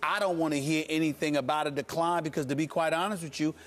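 A man making a forceful, quick case as a commentator on a sports debate show. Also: on the high side, steady tone.

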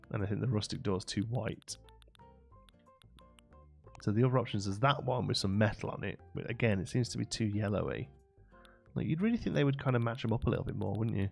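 A man's voice: on the low side, gravelly, darkish tone. A man chatting with viewers during a late-night live game stream, thinking aloud and laughing often.

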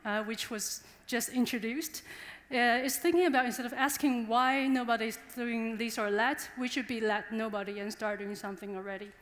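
A woman's voice: on the high side, normal speed, a bit bright. A young woman from Taiwan, giving a chatty, engaging conference talk and addressing the audience directly. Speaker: conference speaker. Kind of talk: conference presentation. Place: conference hall. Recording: long hall reverb.

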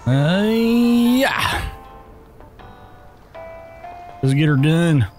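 A man's voice: on the high side, lively intonation, drawn-out words, soft background music. A man giving casual, profane commentary while playing a video game, reacting to the action and talking to himself. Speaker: gaming YouTuber.

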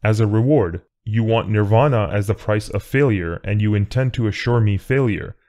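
A man reading an audiobook, voicing a godlike disembodied presence in a measured, tolerant, coolly matter-of-fact way. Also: fairly low pitch, warm tone, lightly acted. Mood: calm, tolerant. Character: calm all-knowing godlike male voice.

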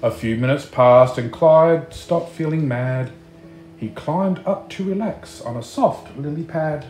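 A man reading a picture book aloud, slow and expressive, chatting to the listener between pages. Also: a little high, echoey room, soft background music. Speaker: storybook reader.

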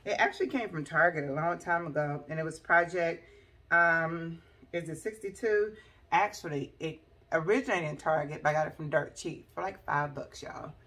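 Low-voiced chatty woman. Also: normal speed, a bit bright. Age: 40s. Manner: chatty, addresses viewers as y'all and girl. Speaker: lifestyle vlogger. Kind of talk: casual chat to camera. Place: at home, decorating a room.

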